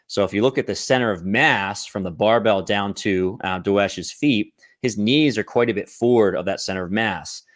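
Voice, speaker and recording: A man's voice: lowish voice, no echo, clean studio sound. A man coaching on exercise technique, explaining step by step and checking in often with the listener. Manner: explanatory, checks in with "right?" and "okay?". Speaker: fitness coach.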